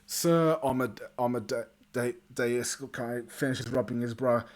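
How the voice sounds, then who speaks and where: A man's voice: medium pitch, takes it slowly. Man narrating as game master. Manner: casual, stumbling restarts.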